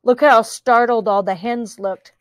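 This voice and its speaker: A woman reading a picture book aloud to children, animated, with chatty asides and playful sound effects. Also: a little high, measured pace, no echo, studio quality. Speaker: storybook reader.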